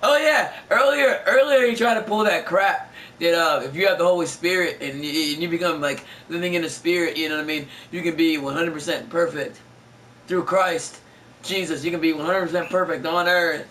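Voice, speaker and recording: A man's voice: fairly high pitch, brisk, a bit bright. A man streaming a game, chatting casually and telling stories in a rambling, stumbling way with many restarts. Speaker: gameplay streamer. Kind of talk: casual chat while gaming. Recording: distant mic with background noise.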